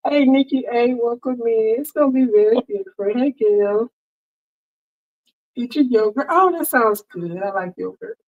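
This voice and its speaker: Greeting viewers by name, a friendly sewing crafter chats through a casual livestream on her headset mic. Her fairly high voice is a little slow, with phone-quality sound.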